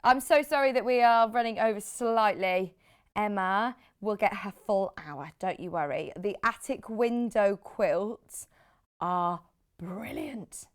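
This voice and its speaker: A woman's voice: mid-range voice, slow pace, smooth. A British woman hosting a live TV shopping show, chatty and rambling, with lots of asides. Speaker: shopping channel host.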